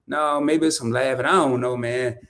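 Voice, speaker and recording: A man hosting a casual livestream interview, chatty and animated, laughing often as he reads comments. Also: mid-range voice, moderate pace. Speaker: podcast host. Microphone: streaming setup, remote call.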